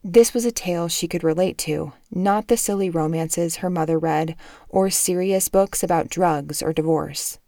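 A woman narrating a novel as an audiobook, in an even, measured storytelling manner. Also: fairly low pitch, dry recording, clean studio sound.

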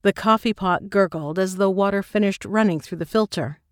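A woman reading scripted narration in a measured, descriptive way. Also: medium pitch, dry recording, studio quality. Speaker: audiobook narrator.

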